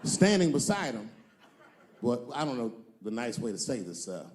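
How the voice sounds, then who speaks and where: A man's voice: mid-range voice, very animated, normal speed, background noise. A male stand-up comedian telling stories in a profane, conversational way with punchy emphasis.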